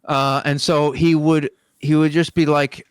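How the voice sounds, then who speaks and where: A man's voice: a little high, flat delivery, a little slow, clean tone, dry recording, studio quality. A young man hosting a podcast, talking in a rambling, casual way with lots of swearing and fillers. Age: young adult. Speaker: podcast host. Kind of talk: casual chat.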